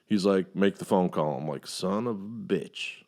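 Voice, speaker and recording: A middle-aged man hosting a casual podcast chat, telling a long story with heavy profanity and animated outbursts. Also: low-pitched, a little slow. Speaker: podcast host.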